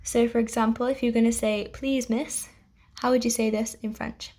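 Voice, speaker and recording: A young woman teaching an online language lesson, patient and clear, pausing to let learners repeat after her. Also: a little high, little pitch movement, dark tone. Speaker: French teacher.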